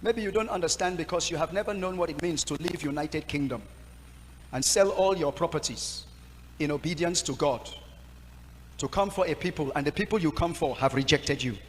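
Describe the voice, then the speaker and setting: Impassioned Nigerian pastor in reverberant hall. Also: male voice, on the high side, normal speed. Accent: Nigerian English. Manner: emotional storytelling, impassioned. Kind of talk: sermon. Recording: long hall reverb, faint noise.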